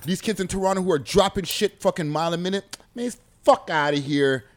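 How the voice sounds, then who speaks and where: A man co-hosting a casual podcast chat, animated and swearing, laughing often. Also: high-pitched, fairly quick. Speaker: co-host.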